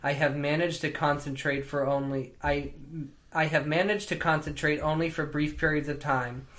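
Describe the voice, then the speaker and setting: A man reading aloud as a grieving woman senator who speaks bleakly and bitterly. The voice sits a little high for a man. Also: steady tone, moderate pace, a bit bright, lightly acted.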